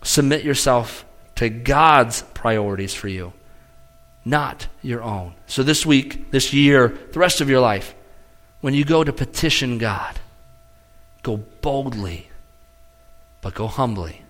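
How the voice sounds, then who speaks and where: A middle-aged man preaching a sermon as pastor, with animated swings in pitch and loudness between earnest emphasis and quiet lines. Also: slow.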